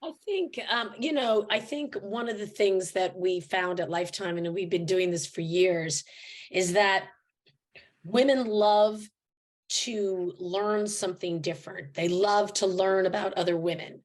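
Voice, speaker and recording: A woman network executive on a press panel, explaining her view in a composed, measured way. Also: medium pitch. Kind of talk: panel answer.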